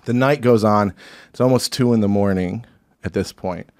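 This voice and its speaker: A man from Texas, a podcast guest, telling an animated, profane story in casual chat. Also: on the low side, normal speed.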